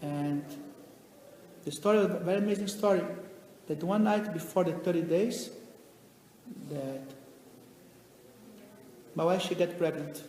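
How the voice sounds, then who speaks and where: A man who is a rabbi, telling stories in a lecture with animated delivery and non-native phrasing. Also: sits high, unhurried, long pauses. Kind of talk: storytelling lecture. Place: lecture venue. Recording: echoey hall, faint noise.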